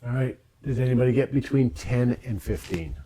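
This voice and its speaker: A man's voice: medium pitch, a little fast, dark tone. A man serving as dungeon master at a home table, asking players for their rolls and describing what happens. His voice sits in a mid register. A faint hiss runs under the recording. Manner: narrates actions, calls for rolls. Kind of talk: running a tabletop game at home.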